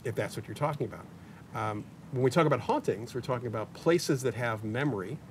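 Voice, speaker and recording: A man's voice: expressive, fairly quick. Chatty man in his sixties, off-mic. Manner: chatty, anecdotal, joking asides. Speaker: paranormal investigator guest. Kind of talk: interview conversation. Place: community media studio. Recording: distant mic with faint rumble.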